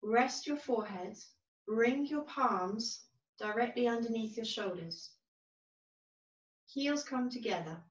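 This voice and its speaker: A woman teaching a yoga class, giving calm, gentle, unhurried cues. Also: fairly high pitch. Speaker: yoga instructor. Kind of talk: guided yoga class instruction. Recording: roomy, distant, dull-sounding recording.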